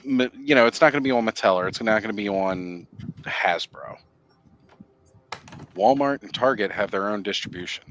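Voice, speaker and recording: A man hosting a live stream, chatting casually and explaining at length in a relaxed, rambling way. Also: on the low side, normal speed, long pauses, a little hiss or hum. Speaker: livestream host. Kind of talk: casual chat.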